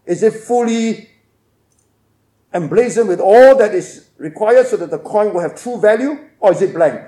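A man preaching an expository sermon, emphatic, swinging between loud stresses and hushed asides. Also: high-pitched, normal speed, reverberant.

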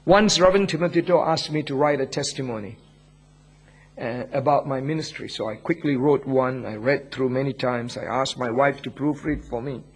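Husky-voiced man preaching earnestly. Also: mid-range voice, normal speed. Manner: earnest, reflective storytelling. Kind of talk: sermon.

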